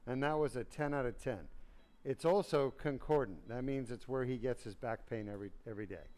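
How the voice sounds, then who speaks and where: Male surgeon, smooth clear voice, medium pitch, plain explaining, reassuring. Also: fairly quick, darkish tone. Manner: explains plainly to viewers, then speaks up to reassure the patient. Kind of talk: explaining a live procedure. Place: operating room.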